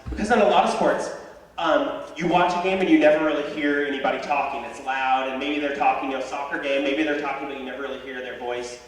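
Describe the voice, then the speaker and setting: This young stand-up comic, who is also a high school tennis coach, speaks fast through an animated storytelling set, shouting certain characters' lines in a high voice. He's in a high school auditorium with a live audience, recorded in an echoey hall on a distant mic with audience noise.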